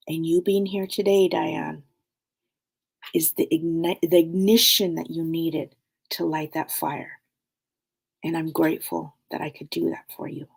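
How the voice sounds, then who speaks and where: With a gravelly, slightly rough voice on the low side, a middle-aged woman hosts a spiritual talk show. She meanders casually, leans on fillers, and keeps softening to a hush.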